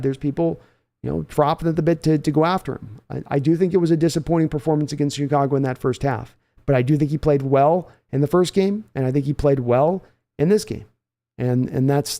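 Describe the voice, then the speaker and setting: Man hosting a live sports reaction stream. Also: a little high. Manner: animated, restarts, talks to chat. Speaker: sports channel host.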